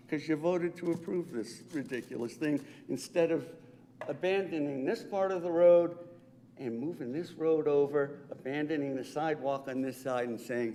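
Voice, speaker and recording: A man speaks at public comment in a council chamber, indignant and sarcastic, his voice pitched a little high. The room adds a long reverb, and faint noise sits under his words. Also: a little mellow.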